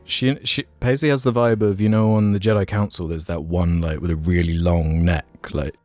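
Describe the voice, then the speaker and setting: A man co-hosting a podcast in casual comedic chat, playful and quick to slip into silly voices. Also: sits low, steady tone, darkish tone, no echo, soft background music. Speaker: podcast co-host.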